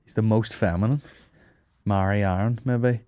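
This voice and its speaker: A man's voice: lowish voice, steady tone, moderate pace, dark tone, clear, resonant tone, no room sound, studio quality. A man hosting a podcast, chatting casually with lots of swearing and joking. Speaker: podcast host. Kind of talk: casual chat.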